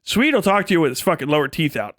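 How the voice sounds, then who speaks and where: A man's voice: fairly high pitch, very animated, fast talker, fairly bright tone, no room sound, studio quality. A male streamer on a rambling, profane comedic rant, often breaking into laughter.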